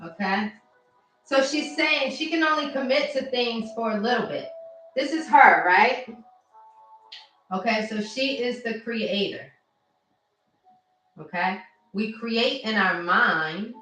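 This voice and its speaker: A woman mindset coach on a phone livestream, talking casually and warmly to viewers and reading their comments aloud. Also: on the high side, slow pace, pauses often. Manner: warm, chatty, addresses viewers directly and reads their comments aloud. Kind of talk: casual motivational livestream talk. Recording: very echoey room with faint music.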